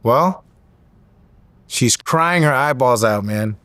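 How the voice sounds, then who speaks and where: An interview guest in his thirties shares an animated story at normal speed, impersonating the people involved with a rising pitch for their quoted lines. There's no room sound.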